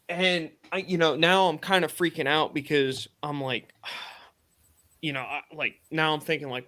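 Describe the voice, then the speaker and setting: A man's voice: on the high side, fairly even intonation, unhurried, pushed and bright. A man hosting a live stream, casually retelling a personal story in a rambling way with lots of fillers and quoted thoughts. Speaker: podcast host.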